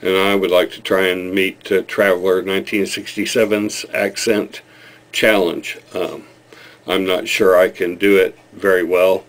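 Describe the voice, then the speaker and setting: Midwestern guy rambling to his camera, really low gravelly voice, hesitant and self-mocking. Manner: self-deprecating, joking, hesitant with many fillers. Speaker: vlogger. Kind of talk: casual self-recorded video.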